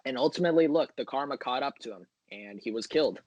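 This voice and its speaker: A man's voice: medium pitch, expressive, fast talker, a little mellow, muffled recording. A man talking as a podcast guest in casual chat, enthusiastic and rambling with many fillers.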